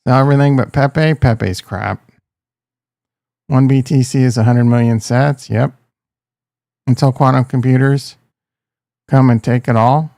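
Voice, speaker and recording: A man's voice: mid-range voice, steady tone, unhurried, creaky, pauses often, warm tone, dry recording, studio quality. A man hosting a casual livestream, joking and ranting, talking straight to his chat and calling viewers bro and dude. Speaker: crypto livestream host.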